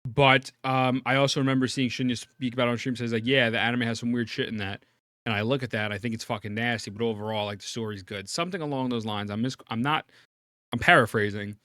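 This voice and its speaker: A man hosting a stream, reacting in heated commentary with profane ranting that climbs toward shouting. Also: mid-range voice, steady tone, fast, dry recording, studio quality. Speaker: streamer host.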